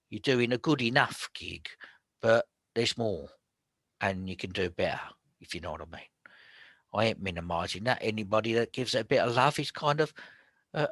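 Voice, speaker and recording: A man teaching about spiritual healing in a chatty, colloquial way, often dropping to a hushed whisper. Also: medium pitch, no room sound. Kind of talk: casual spoken teaching.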